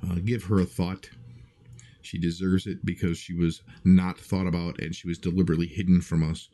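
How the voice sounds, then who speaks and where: A man's voice: deep voice, little pitch movement, moderate pace, dark tone. A man hosting his own show, delivering an impassioned, preachy monologue and raising his voice at his audience. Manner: fired-up, preachy, raises his voice. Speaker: show host.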